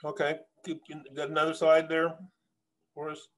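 A man's voice: fairly high pitch, monotone, normal speed. A man hosting an interview, giving brief encouraging prompts and laughing along with his guest. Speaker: interviewer, host. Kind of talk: casual conversational interview.

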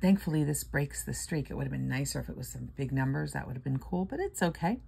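A woman's voice: extremely low pitch, lively intonation, fast, gravelly, noisy background. An older woman casually chatting and reading out numbers while scratching lottery tickets, playful and sleepy. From Florida. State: sleepy, yawning.

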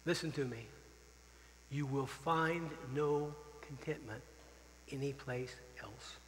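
A man's voice: medium pitch, slow pace, in a large hall, slight background noise, low-quality recording. A man who is a missionary pastor preaching a farewell sermon, earnest and openly emotional, repeating phrases for emphasis. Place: church sanctuary.

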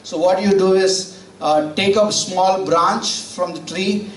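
A man's voice: high voice, fairly even intonation, slow, slight background noise, pitched above the performer's own voice. A man voicing a clever, boastful male frog while telling a fable in a sermon. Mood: eager. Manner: pleading, then eager and proud. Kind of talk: acted storytelling in a sermon. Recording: roomy church audio from far off.

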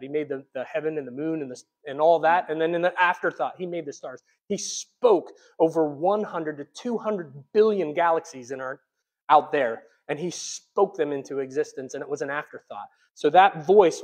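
A man preaching a sermon as pastor, conversational, swinging between quiet asides and loud emphatic peaks. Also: a little high. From United States. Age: adult, childhood long past.

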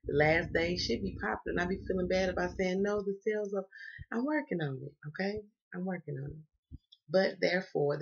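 Through a dull lo-fi recording comes a Southern-accented tarot reader, keeping things casual, slangy, and playful, with free cussing. She speaks in a deep, slightly rough voice marked by vocal fry.

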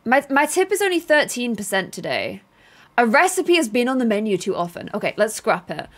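A young woman streaming a game live, chattering excitably and getting flustered, reading out chat messages between plays. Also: fairly high pitch, fairly quick. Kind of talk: live gameplay commentary.

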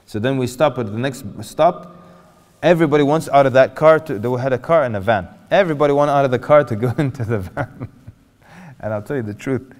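A man preaching an animated lecture to an audience, asking them questions and acting out quotes. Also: mid-range voice, brisk. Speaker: Islamic preacher. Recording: hall reverb.

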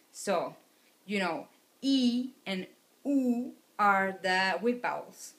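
A woman teaching a recorded video lecture, speaking slowly and patiently and pronouncing words for students to repeat after her. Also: medium pitch, animated. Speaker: Spanish teacher. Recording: echoey room.

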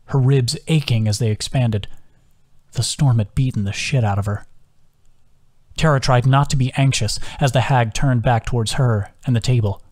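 A man reading his own novel aloud as audiobook narration, steady and measured. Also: mid-range voice.

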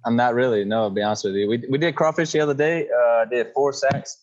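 A man's voice: medium pitch, fast, darkish tone, lo-fi sound. A man from Louisiana with a Louisiana accent, a guest talking easily over a video call. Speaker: podcast guest. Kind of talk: casual chat.

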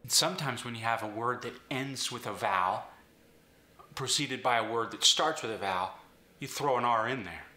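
Bright-voiced coach. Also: male voice, mid-range voice, moderate pace, reverberant. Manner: clear step-by-step instruction. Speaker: accent coach. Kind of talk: instructional explanation.

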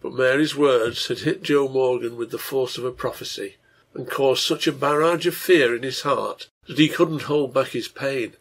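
A man reads a translated serial novel aloud in a measured, earnest way. His voice is gravelly and somewhat husky, sitting at an ordinary middle pitch. He addresses the listener directly, like a storyteller. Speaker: translator and narrator.

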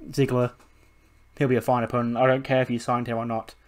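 This is an unbothered male champion, done by a man narrating a game, who brushes off any threat in a brisk, self-assured way. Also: mid-range voice, level tone, lightly acted. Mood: confident.

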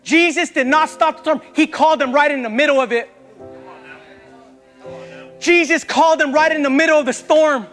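A man's voice: extremely high pitch, moderate pace, long pauses, fairly bright tone, big-room sound, soft background music. A young man preaching an impassioned sermon as a youth pastor in a church, repeatedly calling out to the congregation.

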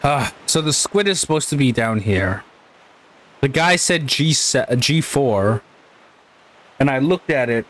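A man giving gameplay commentary, exasperated, swearing and laughing at himself as he plays. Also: medium pitch. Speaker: gaming channel host.

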